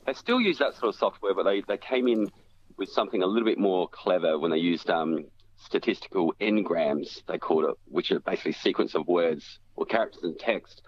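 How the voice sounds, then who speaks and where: A man's voice: low-pitched, fairly quick, breathy edge. A man explaining phone technology on a radio show, step by step, with frequent fillers and restarts. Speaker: tech commentator. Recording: dull lo-fi radio audio with faint hiss.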